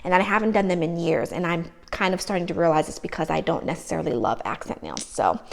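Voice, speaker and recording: A woman's voice: fairly low pitch, lively intonation, fast, creaky. A woman casually gushing over her manicures in a show-and-tell vlog, chatty and trailing off mid-thought. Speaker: nail polish vlogger.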